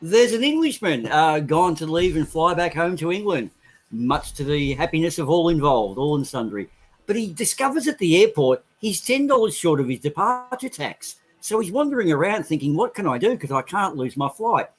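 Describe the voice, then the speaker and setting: A man's voice: fairly high pitch, very animated, soft background music. A man telling long jokes in casual banter among friends, groaning at the others' puns. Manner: drawn-out groaning reactions to puns. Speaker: podcast co-host telling jokes.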